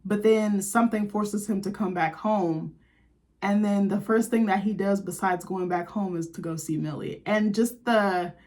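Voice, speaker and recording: A woman's voice: medium pitch, normal speed, darkish tone. A young woman vlogger, chatting in a gushing, chatty way and full of "like". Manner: gushing, chatty, lots of "like", laughs. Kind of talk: casual chat to camera.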